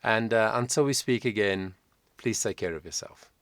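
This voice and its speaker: A man's voice: on the low side, normal speed, background noise. A man working as a vocal coach, giving reflective, emphatic commentary in a reaction video.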